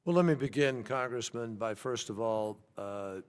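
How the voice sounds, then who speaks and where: A man, a government official, giving formal testimony at a hearing, measured and pausing often to restart his thoughts. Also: medium pitch, smooth. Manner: measured, with frequent hesitations and restarts. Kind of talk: formal testimony answering questions. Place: large hearing room. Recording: long reverb from a large hall.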